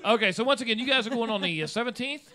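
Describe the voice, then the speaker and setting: A man's voice: very high-pitched, rapid-fire. A man hosting a casual family podcast, telling stories and acting out what people said. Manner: animated storyteller, acts out quotes. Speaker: podcast host.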